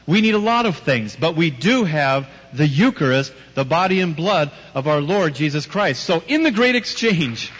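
Emphatic high-voiced male preacher. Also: animated, normal speed, hardly any pauses, a bit bright, husky. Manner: emphatic, rhetorical questions, teasing. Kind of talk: sermon with personal stories. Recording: dull audio with long hall reverb.

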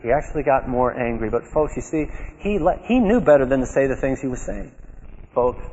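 A man giving a personal testimony talk to an audience, telling his story in a lively way and acting out his own remembered words. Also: mid-range voice, a little fast, a little hiss or hum. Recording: dull, echoey hall recording.

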